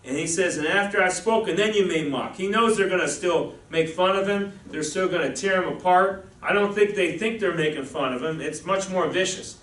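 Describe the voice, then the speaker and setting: A man's voice: high voice, moderate pace, few pauses, fairly bright tone. A man preaching a sermon as pastor in a conversational, folksy way, with frequent asides to the congregation. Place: church. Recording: echoey room, voice from a distance.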